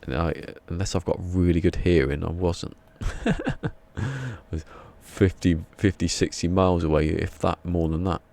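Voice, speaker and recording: A man's voice: low-pitched, steady tone, moderate pace, creaky, mellow. A man with an English accent chatting casually on a live stream, rambling and chuckling as he reads the chat, a little drowsy. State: a bit drowsy.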